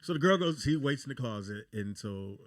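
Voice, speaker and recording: A man's voice: mid-range voice, animated, a little fast, dry recording. A man hosting a live talk show, telling a story in a laid-back casual way with quoted asides. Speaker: host. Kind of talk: casual chat.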